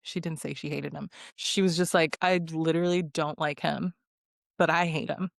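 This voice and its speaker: A woman giving a casual recap of a reality dating show, exasperated and animated, swearing and laughing as she quotes the cast. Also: low-pitched, moderate pace, vocal fry, a little hiss or hum.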